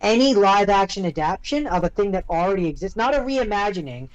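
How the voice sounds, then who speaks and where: A man's voice: high-pitched, animated, fast, smooth, rough recording. A man co-hosting a podcast in casual chat, insistent and opinionated, swearing now and then. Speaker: podcast co-host.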